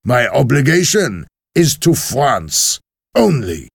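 A man's voice: medium pitch, very animated, slow pace, creaky, husky, no echo, studio quality, voice pushed up, heavily acted. A man voicing a cold, hostile male revolutionary who sneers at a prisoner in a storybook reading. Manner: cold, contemptuous.

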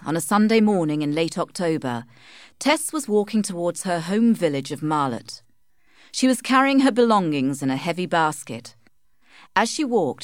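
A woman narrating a story in a measured, storytelling manner. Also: lowish voice, no echo, studio quality. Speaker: audiobook narrator. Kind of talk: scripted narration of a simplified classic.

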